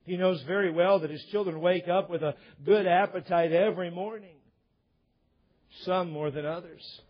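A man's voice: sits high, moderate pace, slightly rough, lo-fi sound. A man preaching a sermon as pastor, building to emphatic points.

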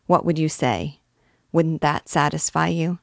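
A woman's voice: low voice, measured pace, vocal fry, no echo, clean studio sound. A woman voicing a vain, wordy male poet who rambles and boasts about his clever plans. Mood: boastful. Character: vain chattering male poet, pleased with himself.

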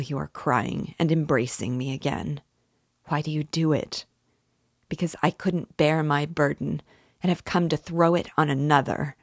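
A woman's voice: low-pitched, vocal fry, no echo, clean studio sound, full character voice. Woman reading as Raskolnikov, anguished confessor. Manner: slow, earnest, rising to despairing cries. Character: anguished young man confessing a crime. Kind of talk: audiobook reading.

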